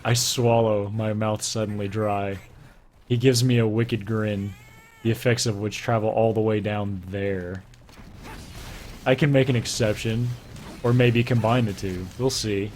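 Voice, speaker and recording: A young man reading in mock-dramatic hushes. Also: on the low side, steady tone, measured pace, slight background noise. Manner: theatrical, hushed and breathy, breaking into laughter. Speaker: gaming streamer.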